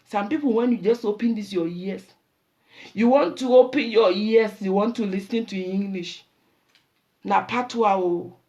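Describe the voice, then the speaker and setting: A middle-aged woman with a Ghanaian accent, hosting a talk show and lecturing her listeners in a lively, preachy way, dropping Pidgin and Twi phrases. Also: mid-range voice. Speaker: show host. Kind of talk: casual talk show monologue.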